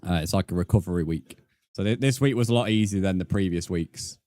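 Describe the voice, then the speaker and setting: A man's voice: low-pitched, quick pace, a little mellow, no echo. A young man streaming a game, casually reading out and answering his chat with frequent laughs. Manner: chatty, reads and answers chat messages, laughs often.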